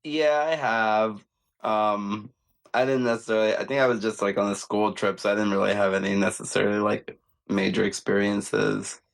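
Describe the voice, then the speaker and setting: Gravelly low-voiced man, brief replies. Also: level tone, moderate pace. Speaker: podcast co-host. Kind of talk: casual chat.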